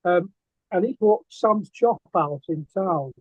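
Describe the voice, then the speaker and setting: An older man with a fairly high, husky voice, spinning loose anecdotes full of ums and restarts. The sound is dry and thin, as if it came over a phone line. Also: takes it slowly, dry recording. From England. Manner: rambling, hesitant, with many fillers and restarts. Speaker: guest artist and poet. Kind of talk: casual interview storytelling.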